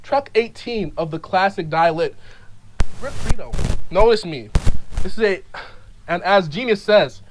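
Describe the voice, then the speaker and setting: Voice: animated, a little slow, a little hiss or hum, poor audio. Stammering mock-serious rambling vlogger. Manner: swings between loud outbursts and low mumbling. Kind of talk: rambling ironic monologue.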